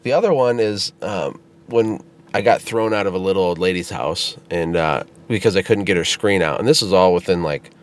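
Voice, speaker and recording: A man co-hosting a casual podcast chat, telling stories in an animated way and laughing as he goes. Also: low voice, moderate pace. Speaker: podcast co-host and business founder.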